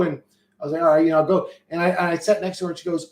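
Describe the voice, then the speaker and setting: A man's voice: fairly high pitch, very fast, darkish tone. A man hosting a stream, telling a rambling story in loose, profane street slang with many restarts and reading out chat comments. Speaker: livestream host reading chat. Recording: roomy echo.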